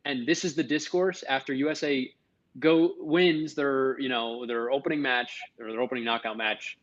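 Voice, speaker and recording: A man's voice: mid-range voice, steady tone, moderate pace, fairly bright tone, muffled recording. A young man co-hosting a casual sports podcast, talking in loose, rambling bursts that trail off. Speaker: podcast co-host.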